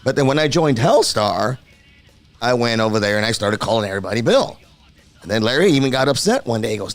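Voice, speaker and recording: Animated middle-aged man telling stories. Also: medium pitch, fast, soft background music. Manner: animated, acts out other people's voices. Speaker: guest, heavy metal singer. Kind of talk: casual podcast storytelling.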